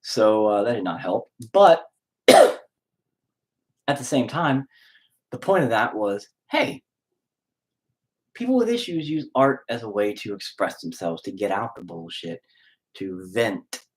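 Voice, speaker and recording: A man's voice: on the low side, big pitch swings, slow, long pauses. A man who is a musician and lyricist, talking in a rambling, candid personal monologue and swearing freely.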